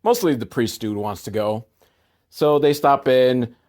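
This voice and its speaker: A man giving a sarcastic, irreverent comedic recap of a movie, with deadpan asides and sudden jumps in pitch for emphasis. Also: measured pace.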